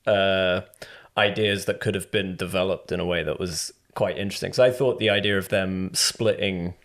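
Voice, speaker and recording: A man's voice: deep voice, steady tone, moderate pace, fairly bright tone. A man co-hosting a film podcast in casual chat, talking in a thoughtful, analytic way with hesitant restarts. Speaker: podcast co-host.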